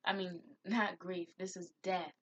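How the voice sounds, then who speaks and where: A woman's voice: fairly low pitch, level tone, measured pace, slight background noise. A woman giving a spiritual tarot reading, heartfelt and encouraging, who admits to getting emotional. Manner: gets emotional. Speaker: tarot reader.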